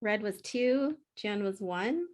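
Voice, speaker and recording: A woman's voice: mid-range voice, animated, slow, darkish tone. A woman acting as game master, casually explaining rules and narrating scenes with frequent fillers and restarts.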